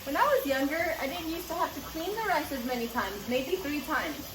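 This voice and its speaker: A woman's voice: sits high, expressive, a little fast, noisy background. A middle-aged woman, a mother, chatting her way through a home cooking demonstration and plainly explaining each step. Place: home kitchen. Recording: echoey room with background music.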